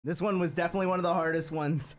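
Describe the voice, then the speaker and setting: Male stream musician, self-deprecating and chatty, slightly high voice. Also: steady tone, very fast, a little hiss or hum. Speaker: guitarist playing song requests on a charity stream. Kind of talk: casual live-stream chat. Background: his own guitar playing.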